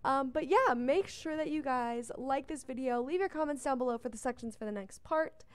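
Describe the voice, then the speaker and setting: With a high-pitched, clear, resonant voice at a moderate pace, a young let's play host chats casually over her gameplay. She speaks to the game's characters and yawns many times, and there's no room sound.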